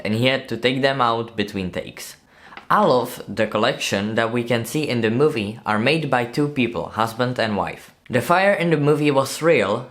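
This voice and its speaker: A man's voice: on the low side, a bit bright. A man narrating a movie breakdown video in a casual, chatty way, often asking viewers to comment and laughing at his own slips.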